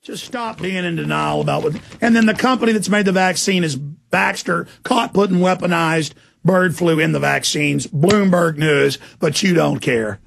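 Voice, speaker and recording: Furious gravelly man in a shouting rant. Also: a little high, normal speed, few pauses. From United States. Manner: shouting, furious tirade with sneering mock voices. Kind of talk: angry political rant.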